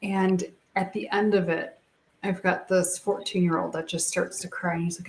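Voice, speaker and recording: A woman's voice: fairly low pitch, moderate pace. A middle-aged woman guest telling personal stories with feeling, acting out what people said. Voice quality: expressive, animated storyteller who acts out quotes. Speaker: guest, speaker and coach. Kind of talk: emotional personal storytelling.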